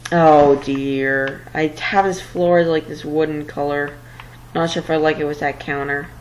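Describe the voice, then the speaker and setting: Low-voiced rambling woman gamer. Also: steady tone, a little slow, slight background noise, rough recording. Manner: rambling, flustered, self-deprecating. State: tired late at night. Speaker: gameplay commentator. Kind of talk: casual let's-play commentary.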